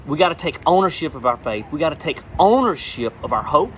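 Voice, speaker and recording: A middle-aged man giving a casual, folksy sermon, animated, with repeated words. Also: on the high side, fairly quick, few pauses, a little hiss or hum, poor audio. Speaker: lay preacher.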